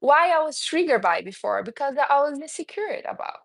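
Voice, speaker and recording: A woman's voice: high-pitched, moderate pace, vocal fry. A woman speaking English as a second language, with a non-native accent, giving a casual motivational talk and calling her listeners honey. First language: not English. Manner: animated, calls listeners honey. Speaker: self-help speaker.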